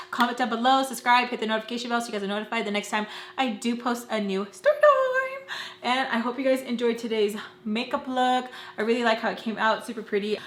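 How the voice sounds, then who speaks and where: A young adult woman vlogger telling a dramatic story in an animated, slangy way. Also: on the high side, roomy sound, a little hiss or hum. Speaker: beauty vlogger. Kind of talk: storytime vlog.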